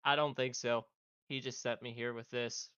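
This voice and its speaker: A woman's voice: very deep voice, fairly even intonation, normal speed, fairly bright tone, clean tone, lo-fi sound. A woman playing a tabletop game, answering in character with plain, matter-of-fact replies. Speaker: player.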